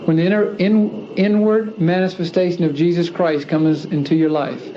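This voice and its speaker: Man, slightly high mellow voice, earnest emphatic testimony speech; muffled old recording. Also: steady tone, moderate pace. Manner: earnest, emphatic, repeats phrases for stress. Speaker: speaker giving a religious testimony. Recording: dull lo-fi archive recording with faint hiss.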